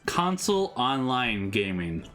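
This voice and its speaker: A man's voice: mid-range voice, sing-song, unhurried, a bit bright, soft background music. A man co-hosting a casual game stream, chatting and answering viewers' comments. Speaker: streamer co-host. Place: home streaming setup.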